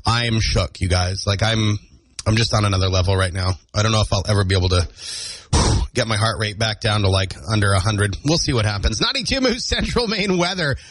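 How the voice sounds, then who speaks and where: A man's voice: fairly low pitch, a little fast, fairly bright tone, no room sound, low-quality recording. A man hosting a morning radio show, chatting playfully and joking between calls. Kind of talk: casual radio banter. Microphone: studio microphone.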